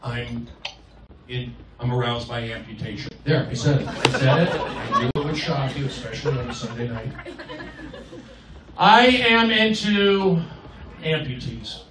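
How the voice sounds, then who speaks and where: A man doing a live stand-up set, riffing with the crowd and swinging between loud and soft. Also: medium pitch, fairly even intonation, moderate pace. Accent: Californian. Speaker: stand-up comedian. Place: comedy club stage. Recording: roomy, distant live club recording. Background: loud crowd laughter and noise.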